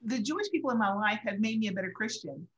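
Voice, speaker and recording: This middle-aged woman, co-hosting a faith talk show, relates something personal in an earnest, emotional way and occasionally laughs through tears. Her mid-range voice is expressive and fairly bright, and she talks fast. The highs are cut off.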